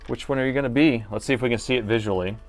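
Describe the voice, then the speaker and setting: Over soft background music, a middle-aged man with a mid-range voice talks very quickly while hosting a live stream of laptop repairs. He works and narrates his thoughts aloud, bantering and joking with his audience.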